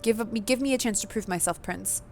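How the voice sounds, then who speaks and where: A woman's voice: medium pitch, fairly quick, a little mellow, a little hiss or hum, close to an everyday voice. A woman voicing a condemned young vampire who is pleading for their life, urgent and pleading.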